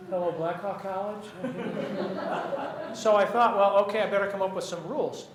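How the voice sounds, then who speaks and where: A man, a poet, answering audience questions after a reading in a chatty, halting way, often restarting his sentences. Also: high voice, steady tone, reverberant, a crowd in the background, poor audio. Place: lecture room with an audience.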